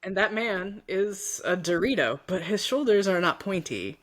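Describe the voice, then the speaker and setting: Giggly, rambling woman co-host with a lively, swooping voice. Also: mid-range voice, moderate pace. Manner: laughing, animated, rambling storytelling. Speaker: podcast co-host. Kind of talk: casual chat.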